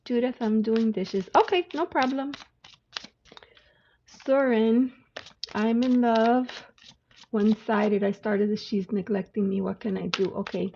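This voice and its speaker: A woman's voice: a little high, fairly even intonation, measured pace, creaky, long pauses, warm tone. A woman hosting a casual livestream of card readings, chatty and greeting viewers by name. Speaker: livestream tarot reader. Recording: dull lo-fi audio with faint hiss.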